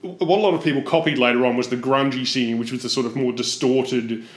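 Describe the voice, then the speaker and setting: A man's voice: mid-range voice, steady tone, fast talker, roomy sound. A man in casual podcast chat who hedges his points and chuckles as he talks. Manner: hedging, chuckles between points.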